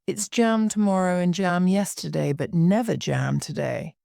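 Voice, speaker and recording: A woman voicing a fussy, scatterbrained old queen who talks in a high, fluttery way and breaks into wailing cries. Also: a little slow, creaky, mellow, dry recording, clean studio sound.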